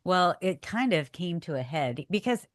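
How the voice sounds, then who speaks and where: A woman's voice: moderate pace, no room sound, clean studio sound. An older woman guest telling a story in a podcast interview, acting out quotes with big swings in her voice. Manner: expressive, acts out quotes with big pitch swings.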